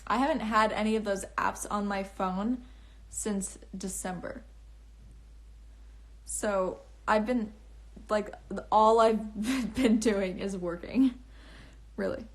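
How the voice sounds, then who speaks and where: A woman's voice: medium pitch, takes it slowly. A young woman casually chatting on a phone livestream, answering comments in a bubbly, rambling way with lots of restarts and laughs. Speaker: livestream host and author. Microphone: phone camera.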